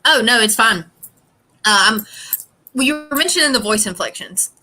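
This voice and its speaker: A woman's voice: a little high, expressive, moderate pace, bright, forceful tone. A woman guest on a livestream, chatting casually and retelling things with enthusiasm.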